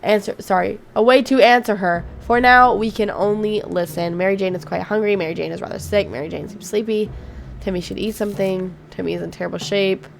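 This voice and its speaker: A woman's voice: mid-range voice, steady tone, brisk, creaky, noisy background. A woman YouTuber giving chatty, reactive commentary on a game, reading its text aloud and swearing freely. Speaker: gaming YouTuber. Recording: faint game music behind.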